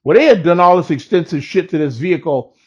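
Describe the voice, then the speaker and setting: A man's voice: on the high side, lively intonation, fast, darkish tone, breathy edge. A man casually telling a personal story in a profane, laid-back way and laughing at it. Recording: dull lo-fi recording.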